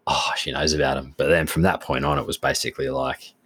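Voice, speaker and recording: A man's voice: very deep voice, quick pace, slightly rough. An Australian man co-hosting a podcast, telling a long story in casual chat with lots of acted-out dialogue. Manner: rambling, animated retelling with quoted dialogue. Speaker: podcast co-host.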